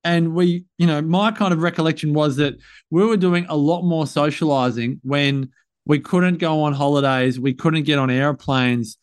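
A man's voice: a little high, normal speed. A man hosting a podcast in a chatty, upbeat, loose way. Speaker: podcast host. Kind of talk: casual podcast chat.

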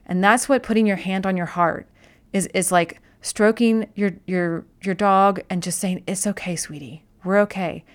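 A woman's voice: medium pitch, a little slow, clean tone. A woman speaking as a wellness host in a casual explanatory talk, conversational, often restarting and repeating words.

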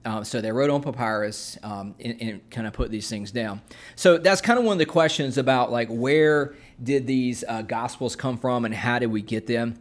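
A man in casual conversation, explaining at an easy pace with frequent fillers and restarts, like a co-host teaching on a talk show. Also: medium pitch. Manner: unhurried, with many fillers and restarts. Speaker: podcast co-host explaining scripture.

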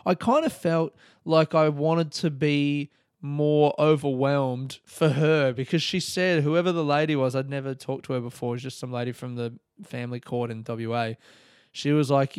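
Young man, solo podcast host: loose, rambling delivery, swears a lot, breaks into laughs. Smooth, clean voice, dry close-mic sound. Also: on the high side, steady tone, moderate pace, darkish tone, no echo. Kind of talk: casual solo podcast talk.

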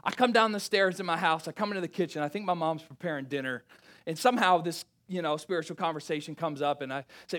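A young male pastor tells a story from the pulpit in a high, bright, forward voice. He acts out family dialogue with big swings. He drops to hushed intensity for reflective moments. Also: fast. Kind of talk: sermon storytelling.

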